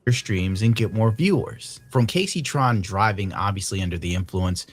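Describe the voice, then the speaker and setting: A man's voice: on the low side, moderate pace. A man giving sardonic commentary in a played video.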